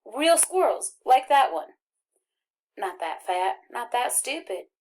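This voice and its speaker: A woman's voice: a little high, sing-song, takes it slowly, a little mellow, pitched above the performer's own voice. A woman voicing an eager country boy, rural Arkansas drawl, raised voice, jabbering, folksy audiobook read. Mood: boastful. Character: chatty country boy from Arkansas, friendly, boastful. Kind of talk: audiobook reading.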